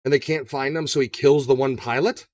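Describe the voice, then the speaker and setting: A man's voice: medium pitch, brisk, no room sound, far from the mic. A man co-hosting a casual movie discussion podcast, talking loosely and with lots of swearing. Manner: profane, animated, does shouted impressions. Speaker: podcast co-host.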